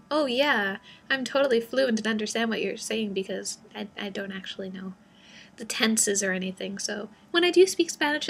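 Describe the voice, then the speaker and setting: A woman's voice: on the high side, slightly rough. A young woman talking casually to her camera in a rambling, self-deprecating way, full of fillers. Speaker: vlogger. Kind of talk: casual vlog monologue.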